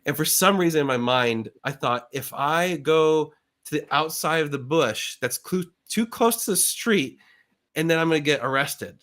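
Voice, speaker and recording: A middle-aged man tells a story on a live talk show, animated and excitable, swinging up into the voices of everyone he quotes. His voice sits a little high and sounds bright and forceful. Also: normal speed. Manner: excitable, acts out quoted voices with big pitch jumps. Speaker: show host.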